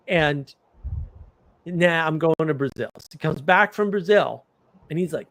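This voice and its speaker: A man's voice: a little high, normal speed, no room sound. A man hosting a livestream, telling stories in casual chat and acting out incredulous reactions. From United States. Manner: animated, mimics others with incredulous outbursts. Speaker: livestream host.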